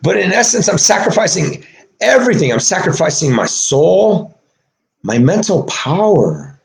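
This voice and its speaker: A man's voice: big pitch swings, unhurried, gravelly. Agitated swearing man in an echoey room. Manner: agitated, swearing, swings from low mutters to shouting. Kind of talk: emotional monologue to camera.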